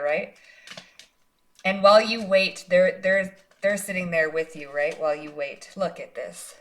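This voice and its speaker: A woman's voice: lowish voice, unhurried. Chatty woman doing a tarot reading. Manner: casual, chatty, often tags lines with "right?" and "like"; encouraging, speaks directly to the viewer as "you". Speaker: psychic tarot card reader. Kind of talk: pick-a-card tarot reading to viewers.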